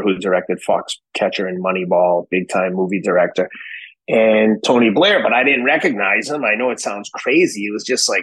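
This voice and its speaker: A middle-aged man with a Boston accent and a low, deep voice tells a story in a loose, salty way. He throws in quick impressions of other people. His voice sounds dry and close to the mic. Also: no room sound, poor audio. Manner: profane, animated anecdotes with put-on voices. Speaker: podcast guest. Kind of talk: casual storytelling.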